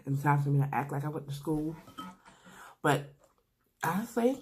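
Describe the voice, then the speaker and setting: A young woman with a low-pitched voice tells a story on camera in a loose, slangy way, talking straight to her viewers between bites. A faint hiss of background noise sits under her voice. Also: moderate pace. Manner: animated, slangy storytelling with laughs. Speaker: mukbang vlogger. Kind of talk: casual storytime while eating.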